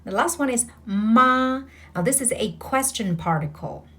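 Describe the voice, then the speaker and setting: A woman's voice: fairly high pitch, expressive, unhurried, bright, forceful tone, faint music behind. A woman tutoring Mandarin, patiently demonstrating each sound and coaxing the listener to repeat after her. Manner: breathy whispered demonstrations of sounds. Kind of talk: slow, patient language lesson.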